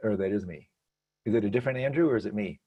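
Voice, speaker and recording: A man giving an online teaching talk on a video call, telling stories in an animated way and laughing often. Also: fairly low pitch, very fast, slightly rough, muffled recording. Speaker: meditation teacher.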